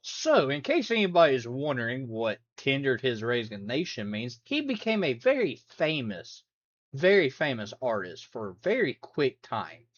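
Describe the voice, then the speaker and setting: A reaction host chatting casually and excitedly, with loud sudden outbursts. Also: mid-range voice, moderate pace. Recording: dull, dry close sound.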